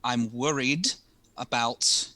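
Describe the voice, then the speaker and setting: A man's voice: mid-range voice, slow, bright, forceful tone. Man playing a worried, insistent mother. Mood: concerned. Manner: pressing, insistent questions. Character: worried middle-aged mother, wife of a schemer.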